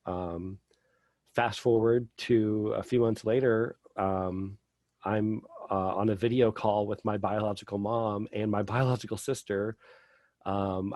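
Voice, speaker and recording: Low-voiced man rambling through a story. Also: darkish tone, no echo. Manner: rambling, heavy on fillers like "like" and "um". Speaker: podcast guest. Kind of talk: candid personal storytelling.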